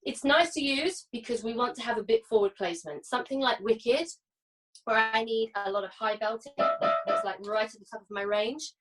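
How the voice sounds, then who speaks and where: A woman's voice: on the high side, normal speed, fairly bright tone, far from the mic, soft background music, poor audio. A British woman coaching singers through a masterclass, chatty and often checking in with "yeah?" and "okay?". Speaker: vocal coach. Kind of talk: singing masterclass teaching.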